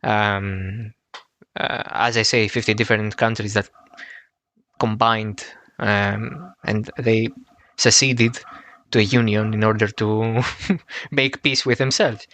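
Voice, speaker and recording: A man from Greece hosts a casual podcast, often pausing with "uh" and "um". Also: on the low side, no echo. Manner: hesitant with many "uh" and "um", jumps to excited exclamations. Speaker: podcast host.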